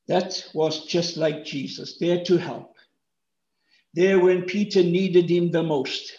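A man preaching a sermon, animated and acting out the speakers' lines with big jumps in pitch. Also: measured pace. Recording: roomy echo, dull lo-fi sound.

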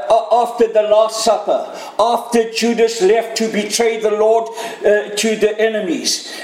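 A man's voice: high voice, a little mellow. A man preaching a sermon in an earnest, conversational way, asking his listeners direct questions. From Canada. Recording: echoey room.

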